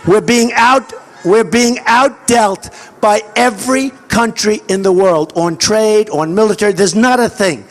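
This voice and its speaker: An older man giving a campaign rally speech outdoors, boastful and repetitive, shouting to a large crowd and acting out quoted dialogue. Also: sits high, measured pace. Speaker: political candidate at a campaign rally.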